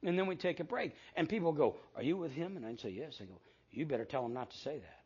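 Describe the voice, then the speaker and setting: A man's voice: fairly high pitch, animated, fast, darkish tone, breathy edge, dull audio. An older man preaching a sermon as pastor, telling stories with quoted dialogue and self-deprecating asides.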